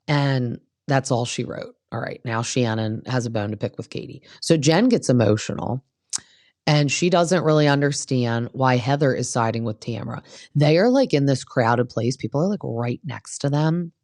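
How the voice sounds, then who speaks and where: A woman's voice: rumbling low, lively intonation, normal speed, darkish tone, no room sound, studio quality. A woman hosting a casual gossip recap of reality TV, blunt and opinionated, who swears freely.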